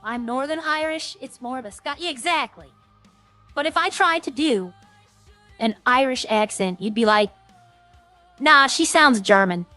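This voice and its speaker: A woman streamer talks in a loose, rambling way, chatty and quick to poke fun at herself. Her voice sits a little high, close and dry on the mic, with soft music underneath. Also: animated, no echo. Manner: rambling, chatty, self-deprecating. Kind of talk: casual chat to stream viewers.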